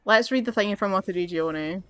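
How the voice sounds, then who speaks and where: A woman's voice: mid-range voice, quick pace, no echo, faint music behind. A woman hosting a gaming channel, rambling and swearing through casual gameplay commentary, with her mic a little far away. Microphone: desk mic, a bit far from her face.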